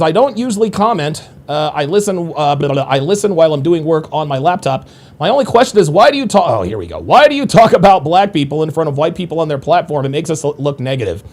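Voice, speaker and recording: A man with a fairly high, very lively voice hosts a live stream, reading viewer shout-outs and comments aloud. His pitch swings widely, and he turns blunt and heavily profane when he pushes back on critics. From United States. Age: adult. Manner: profane, combative when angered.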